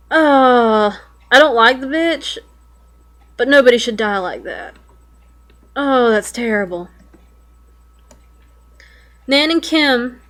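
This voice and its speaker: A woman's voice: fairly high pitch, lively intonation, slow pace, long pauses, fairly bright tone. Young woman reading and reacting, swearing. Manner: reads aloud, swears and exclaims in alarm. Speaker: web fiction reader reacting.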